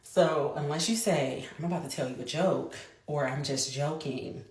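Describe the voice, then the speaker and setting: Low-voiced woman telling a story. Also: a little mellow. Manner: chatty, quick bursts with restarts. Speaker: mother. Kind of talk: casual storytelling vlog. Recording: echoey room.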